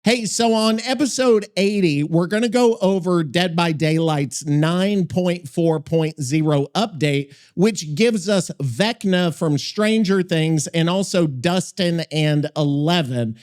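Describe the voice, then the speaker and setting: A man with a high-pitched voice hosts a casual podcast. He rambles, swears constantly and cuts himself off mid-thought as he goes. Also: takes it slowly, few pauses, darkish tone. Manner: rambling, swears a lot, self-interrupting. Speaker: podcast host. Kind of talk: casual profane podcast chat.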